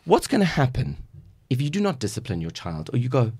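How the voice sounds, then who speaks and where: A man's voice: mid-range voice, wildly swooping pitch, fairly quick, a little mellow, husky, dry recording. A man from South Africa, a guest life coach on a podcast, talking in an emphatic, preachy way and acting out little quotes. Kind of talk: casual podcast conversation.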